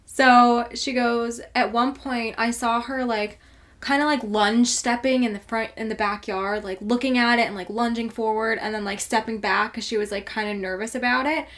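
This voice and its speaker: A woman's voice: fairly high pitch, steady tone, normal speed, fairly bright tone. A young woman co-hosting a podcast, telling a story in a casual, rambling way with lots of "like". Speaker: podcast co-host. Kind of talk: casual chat.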